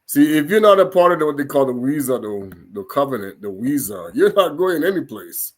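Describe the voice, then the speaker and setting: Teaching scripture informally, this man speaks briskly in a voice on the high side. He breaks foreign words into syllables as he pronounces them, and his chatty side comments bring out laughter and animation.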